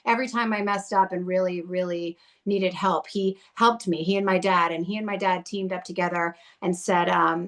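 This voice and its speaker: A woman guest on a podcast tells her story candidly and with heat. She talks bluntly, swears freely and swings between rage and tenderness. Her voice sits at a middle pitch. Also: steady tone, normal speed, a bit bright. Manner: blunt, profane and fiery.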